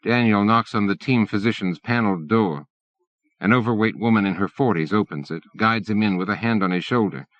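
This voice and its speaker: A man reading an audiobook in measured scripted narration. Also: fairly low pitch, no echo. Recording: dull dry lo-fi cassette.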